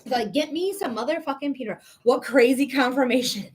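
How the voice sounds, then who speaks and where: A woman's voice: sits high, normal speed, husky. A woman giving a live-streamed tarot reading, chatty and frank, swearing casually as she talks. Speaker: tarot reader.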